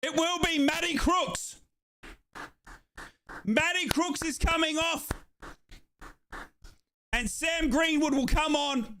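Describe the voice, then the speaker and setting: Shouting and chanting along, a young man from Australia streams breathless, excited live commentary on a football match as a fan. He sounds very high-pitched, speaks slowly with long pauses, and there's a little hiss or hum.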